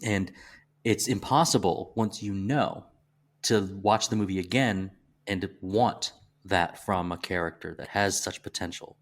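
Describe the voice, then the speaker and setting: Low-voiced thoughtful Southern man. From American South. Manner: halting, restarts often, thoughtful. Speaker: podcast co-host. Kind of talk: casual movie discussion.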